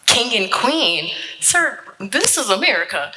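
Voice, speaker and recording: Sassy, bright-voiced woman. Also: on the high side, animated, normal speed, slight background noise, poor audio. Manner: sassy, incredulous, playful. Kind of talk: comedic live stage skit.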